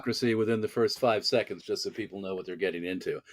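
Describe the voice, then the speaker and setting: A man's voice: fairly low pitch, racing, a loud crowd. A man, raised in the American South, telling stories as an actor guest in a casual interview, wordy and self-mocking.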